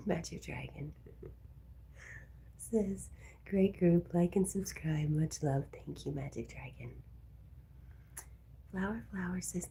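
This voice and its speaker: A woman hosting a night livestream, reading chat aloud and talking softly to her dog, sometimes in a whisper, a little wheezy. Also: lowish voice, takes it slowly, creaky, long pauses, slight background noise. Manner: soft, often whispering, talks to her dog.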